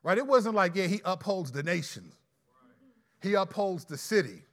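A man preaching a sermon, emphatic, with sudden loud stresses and slowed key phrases. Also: high voice, lively intonation.

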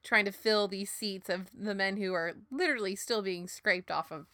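A woman's voice: mid-range voice, normal speed, sharp tone, no echo. A woman in a casual TV recap chat, enthusiastic and chatty, full of likes. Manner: enthusiastic, chatty, says like a lot.

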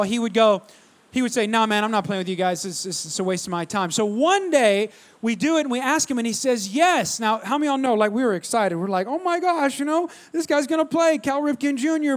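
Man, pastor, very high-pitched voice, sermon, self-deprecating storytelling, church. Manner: storytelling, self-deprecating, addresses congregation directly.

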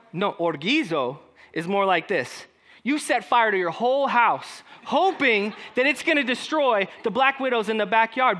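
A male pastor preaching a conversational sermon, acting out quoted lines and speaking directly to the congregation. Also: high-pitched. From California. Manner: conversational, animated, acts out quoted voices.

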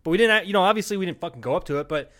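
High-voiced rambling man telling a story. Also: expressive, very fast, fairly bright tone. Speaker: podcast co-host. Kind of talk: casual comedic chat.

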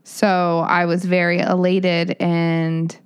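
A woman with a smooth, fairly low voice co-hosts a casual podcast. She teases her partner while backing him up. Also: monotone, slow. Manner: supportive, teasing listener. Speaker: podcast co-host. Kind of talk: casual chat.

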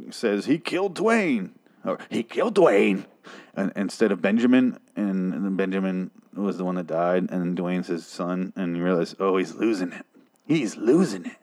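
A hoarse man reviewing a TV episode in a casual, rambling way, swearing and restarting his sentences in exasperation. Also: on the low side, darkish tone.

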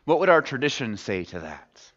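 In a church sanctuary, a male pastor delivers a sermon in a medium-pitched, somewhat bright voice that is very animated and moves at normal speed. His style is chatty, and he poses questions to the people listening. The audio is dull, captured in a big, echoing hall.

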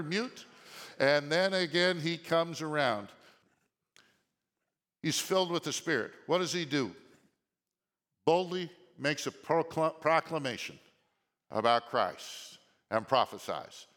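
A male pastor preaching a sermon in an animated way, often asking the congregation questions. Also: a little high. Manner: animated, asks the congregation questions, shouts quoted lines. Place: church sanctuary. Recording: long reverb of a church hall.

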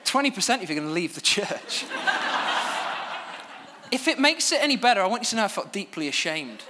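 A man preaching a sermon from a church stage, telling stories at his own expense in a lively way. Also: high voice, brisk, big-room sound, background noise. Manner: animated, self-deprecating storytelling.

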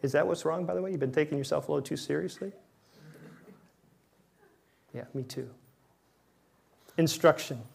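Man preaching, pastor, fairly high voice, acts out quotes loudly, drops to soft quiet lines, jokes at himself. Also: moderate pace, vocal fry, pauses often, slight background noise. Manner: animated, acts out quotes with rising pitch and volume; self-deprecating humor, laughs at own slips. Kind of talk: sermon.

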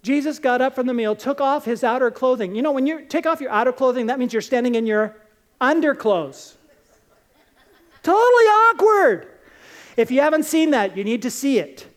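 Animated woman preaching a sermon. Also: high voice, fairly quick. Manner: animated storytelling, acting out quotes.

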